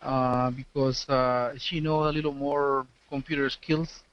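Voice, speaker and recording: A man on an online coaching call, answering in a halting, careful way with non-native phrasing. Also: medium pitch, level tone, a bit bright, clear, resonant tone. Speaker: coaching student. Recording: dull lo-fi call audio.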